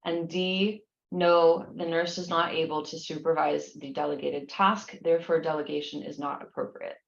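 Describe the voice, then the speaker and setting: A woman with a deep, gravelly voice reads nursing exam questions aloud and walks through each answer patiently. She often restarts her sentences. The recording sounds muffled and roomy, with echo around her. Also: flat delivery, normal speed. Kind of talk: explaining practice exam questions.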